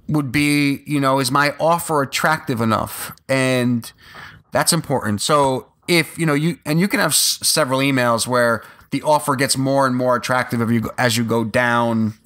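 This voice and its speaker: A man's voice: medium pitch, sharp tone. A young man co-hosting a podcast, talking casually and rambling with lots of fillers and restarts. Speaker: podcast co-host.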